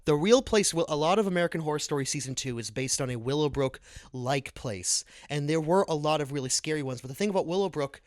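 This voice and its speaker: A man's voice: a little high, expressive, fast, no echo, studio quality. Quiz-hosting New England man. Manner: quizzing, tells stories. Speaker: podcast co-host. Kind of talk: casual chat.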